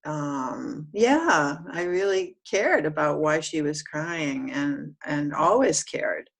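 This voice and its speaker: A woman in a guided self-inquiry session, talking through her feelings in a hesitant, halting way, often restarting. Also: low voice, lively intonation, vocal fry. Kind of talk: reflective one-on-one session talk.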